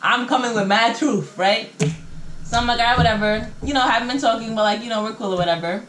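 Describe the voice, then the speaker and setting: A woman's voice: on the high side, fast, fairly bright tone, roomy sound, slight background noise, rough recording. A young adult woman vlogging from home in a casual storytime chat, slangy and acting out what each person said. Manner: chatty, slangy storytelling that acts out what people said. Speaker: vlogger telling a story time. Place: in her home. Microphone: camera mic.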